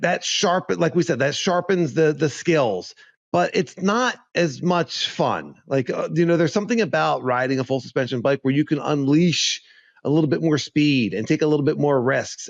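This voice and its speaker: A man co-hosting a podcast in casual chat, animated and repeating himself, laughing often. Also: a little high, creaky, no echo, highs cut off. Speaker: podcast co-host.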